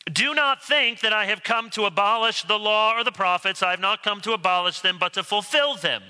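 A man's voice: sits high, fairly quick, hardly any pauses, sharp tone, clean tone, long reverb tail, low-quality recording. A man preaching a sermon as pastor from the pulpit, with wry rhetorical questions and mock-incredulous asides. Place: church sanctuary, speaking from pulpit.

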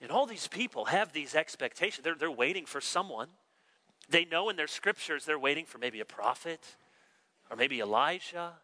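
Bright, animated preacher. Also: male voice, a little high, normal speed, rough recording. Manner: animated, acts out quoted voices. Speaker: pastor. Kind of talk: expository sermon.

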